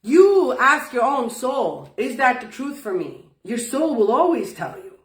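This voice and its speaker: A woman's voice: fairly high pitch, sing-song, a little slow, fairly bright tone, recorded from a distance. A woman teaching spiritual wellness in casual talk, folksy and emphatic, swearing freely. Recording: roomy sound from off-mic.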